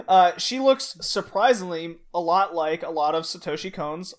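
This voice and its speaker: A man with a slightly higher voice chats loosely on a podcast, laughing a lot as he tells the story. He trips over his words and restarts often as he goes. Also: animated, a little slow. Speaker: podcast host. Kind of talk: casual chat.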